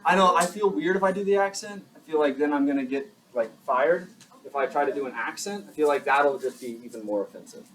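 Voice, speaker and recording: A young male high school teacher giving a chatty classroom lecture, asking the class questions and joking at his own expense. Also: expressive, a little fast, fairly bright tone. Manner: chatty, self-deprecating, asks the class questions. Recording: distant mic with faint classroom noise.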